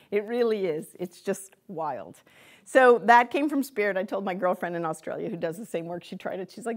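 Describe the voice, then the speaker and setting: A woman delivers a lecture to a live audience, chatty and animated in tone. She speaks as a psychic medium and addresses her listeners directly, often breaking into laughter. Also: mid-range voice, a little fast.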